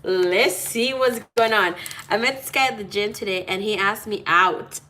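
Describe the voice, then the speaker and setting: A woman talks through a tarot reading in a loose, chatty way. She is playful, laughs often and drops the odd swear word. Her voice sits in a middle pitch, with a faint background hum. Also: normal speed, sharp tone. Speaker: tarot reader. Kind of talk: casual tarot reading chat.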